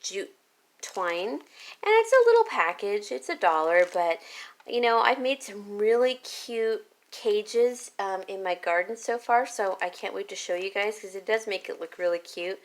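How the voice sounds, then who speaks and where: A woman's voice: mid-range voice, a little slow. A woman vlogger chatting casually about a garden haul, rambling and correcting herself as she goes. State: hiccups. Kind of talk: casual chat.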